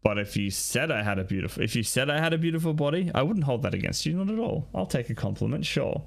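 A man's voice: on the high side, very animated, fast talker, vocal fry. A young man hosting a solo podcast, answering listener questions in a rambling, casual way and swearing often. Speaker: podcast host.

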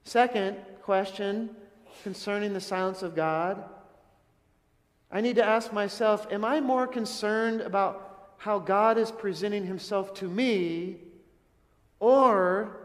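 A man's voice: high-pitched, in a large hall. A man preaching a sermon in an earnest, questioning way, often asking his listeners something. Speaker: pastor.

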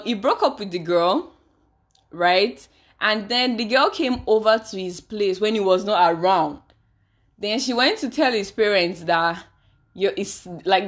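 A young woman talks into her podcast in a chatty, dramatic way. She bursts into exclamations and self-deprecating asides. Her voice sits at a middle pitch. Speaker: podcast host. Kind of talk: casual podcast monologue.

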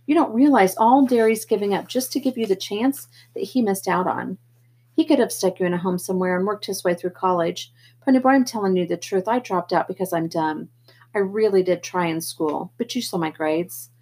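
A woman reading the part of a gentle teenage boy who keeps the peace between his brothers, earnest and pleading, in a breathy voice. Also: close to an everyday voice. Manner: earnest, pleading, a bit higher and louder than her narration. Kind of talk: audiobook character reading.

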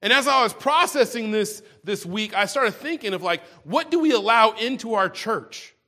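A man's voice: high-pitched, expressive, moderate pace, pushed and bright. A man preaching a sermon in a conversational way, often restarting and repeating words as he goes. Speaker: pastor.

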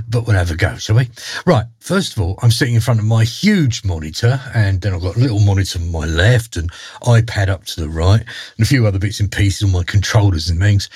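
A man's voice: fairly low pitch, a little mellow, slightly rough, dry recording, studio quality. A man narrating a fairy tale in a chatty, informal way, with asides to the listener. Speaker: host and storyteller. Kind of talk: storybook narration. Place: home studio voice booth. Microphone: studio microphone.

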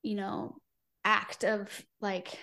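Brief: woman guest, passionate and tender, mid-pitched voice, lots of "like". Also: flat delivery, very slow. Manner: passionate, warm-hearted, filler-heavy. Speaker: podcast guest. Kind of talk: heartfelt conversational interview.

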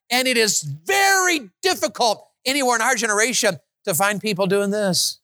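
Guy preaching, y'all this y'all that, goes loud and high then drops low, dry close mic. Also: normal speed, few pauses, no room sound. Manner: animated, swings from loud high exclamations to low quiet stretches; rhetorical questions to the congregation. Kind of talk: sermon.

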